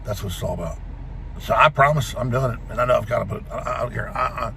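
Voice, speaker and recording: A man's voice: medium pitch, fast talker, creaky, pushed and bright, slight background noise. A man giving an impassioned, defiant rallying speech, urging listeners to action. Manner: fiery, defiant and exhortative.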